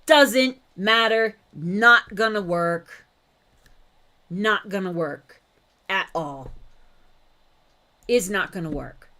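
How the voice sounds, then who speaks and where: A woman's voice: medium pitch, drawn-out words, pauses often, sharp tone. A woman hosting a reaction video, talking back to a clip in blunt casual commentary and swearing freely.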